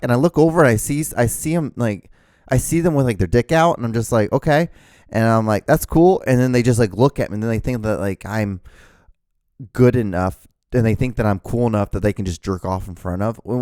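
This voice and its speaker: A man's voice: medium pitch, a little mellow, dry recording, clean studio sound. A man hosting his own solo podcast, rambling and swearing, with many restarts. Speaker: podcast host.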